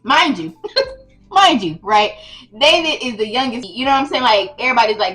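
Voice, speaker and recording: A woman's voice: fairly high pitch, expressive, moderate pace, bright, forceful tone, faint music behind, poor audio. A young woman retelling a Bible story in a casual, slangy, playful way as the host of her channel.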